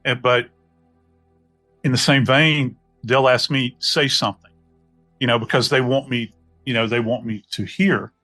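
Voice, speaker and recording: A middle-aged man from New Orleans with a Southern US accent, a podcast guest telling reflective stories in an unhurried, folksy way. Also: medium pitch, fairly even intonation, a bit bright, faint music behind. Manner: unhurried, folksy, many "you know" asides. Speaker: podcast guest, death investigator. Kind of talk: reflective storytelling conversation.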